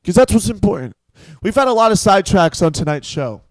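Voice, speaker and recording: Man, slightly high voice, deadpan, mock-menacing, dry close sound. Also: a little fast, no echo. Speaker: comedy show co-host. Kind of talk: mock-preachy comedic banter.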